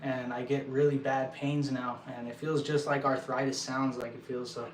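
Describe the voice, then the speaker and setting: A young man from El Paso, short of breath, talking earnestly to his viewers with halting restarts. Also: medium pitch, level tone, slight background noise. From El Paso, Texas. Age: young adult. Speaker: vlogger. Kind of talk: casual talk to viewers. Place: indoor building site. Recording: echoey room, mic at a distance.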